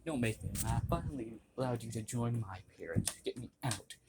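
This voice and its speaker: A man's voice: mid-range voice, expressive, a little fast, creaky, heavy background noise. A young man voicing a scheming, cruel young woman with a sneering, contemptuous manner, in his own voice. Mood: scornful.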